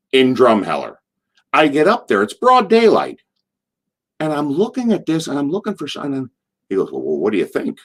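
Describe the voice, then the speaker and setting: An older man, a former wrestler, telling a rambling story in an interview and acting out the people in it. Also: mid-range voice. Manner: rambling, acts out quotes in voices. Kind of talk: animated storytelling.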